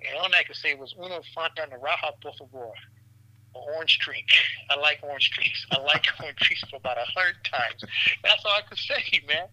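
A man, a physician guest, telling stories in an animated, profane way, laughing often and calling the listener "man" and "brother". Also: on the high side, brisk, no room sound, rough recording. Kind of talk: animated storytelling in a podcast interview.

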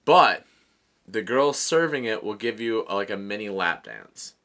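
Man, 30s, casual storyteller, lowish pitch, bright forceful tone, laughs a lot. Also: measured pace. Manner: laughing, animated, swears often.

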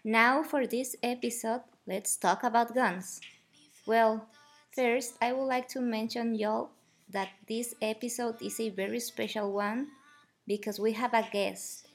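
Mexican-accented woman host, gravelly edge. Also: on the high side, fairly even intonation, unhurried. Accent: Mexican Spanish. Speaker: podcast host. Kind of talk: scripted podcast hosting.

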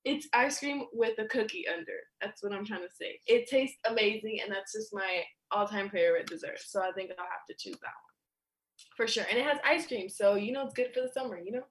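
A woman's voice: medium pitch, a little fast, fairly bright tone. A woman guest in a casual chat, rambling and searching for words.

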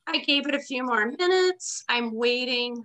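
A woman's voice: sits high, a little slow. A middle-aged woman, a teacher, telling a story casually and animatedly, acting out what she said. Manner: animated, acts out her own past words.

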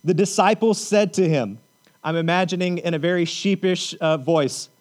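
High-voiced man preaching a casual sermon. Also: normal speed, darkish tone. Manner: conversational, checks in with repeated "okay?", joking asides. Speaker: pastor.

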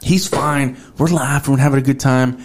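A man's voice: mid-range voice, steady tone, moderate pace. A man hosting a podcast in casual chat, telling stories loosely and swearing often. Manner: loose storytelling full of profanity and "bro". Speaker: podcast host.

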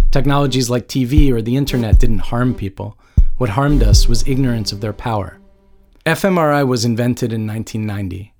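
A man's voice: medium pitch, a little mellow. Wry male audiobook narrator. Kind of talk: scripted narration.

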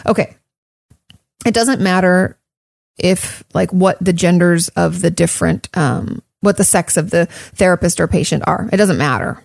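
A woman therapist talks through listener questions in a relaxed, chatty way. She fills her speech with "like" and "um" and repeats key points to drive them home. The recording is dry, with no room echo. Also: lowish voice, normal speed, gravelly. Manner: conversational, frequent "like" and "um", emphatic repetition. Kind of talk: casual advice talk.

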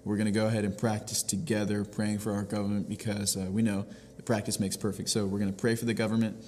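Earnest low-voiced man teaching scripture. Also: little pitch movement, quick pace, darkish tone, in a large hall, slight background noise. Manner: earnest, explains step by step with frequent restarts. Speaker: pastor. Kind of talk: devotional teaching.

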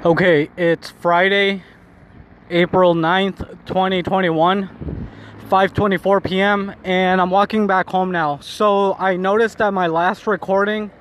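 A man's voice: sits high, flat delivery, measured pace. Rambling young man on a noisy street. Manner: rambling, heavy use of "like". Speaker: vlogger. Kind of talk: casual walking vlog monologue. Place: outdoors on city streets. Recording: phone recording with clear street noise. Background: street traffic and city noise.

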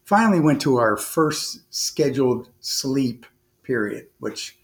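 A man's voice: medium pitch, lively intonation, takes it slowly. Male podcast guest, ex-navy officer; earnest conversational storyteller, many false starts, acts out quoted dialogue. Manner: rambling, frequent restarts and fillers. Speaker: former naval officer.

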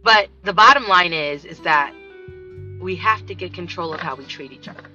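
Animated woman with a bright, hard voice. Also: on the low side, moderate pace. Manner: animated, acts out voices in her story. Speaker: vlogger. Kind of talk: casual storytelling monologue. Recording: dull lo-fi sound with faint music.

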